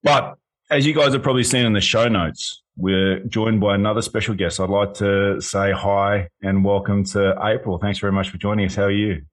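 A man's voice: on the low side, steady tone, normal speed. A man hosting a casual podcast, upbeat and enthusiastic, who teases his co-hosts and introduces a guest. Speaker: podcast host. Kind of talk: casual chat.

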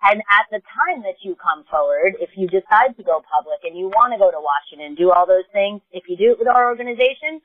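A woman's voice: medium pitch, expressive, quick pace, hardly any pauses, no echo. New York woman on a phone line. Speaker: guest, advocacy organization co-founder. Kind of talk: earnest podcast interview.

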